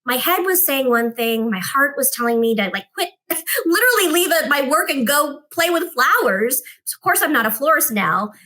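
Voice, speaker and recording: A woman guest on a podcast telling an animated story and acting out the dialogue in it. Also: high voice, normal speed. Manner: expressive, acts out dialogue in her stories.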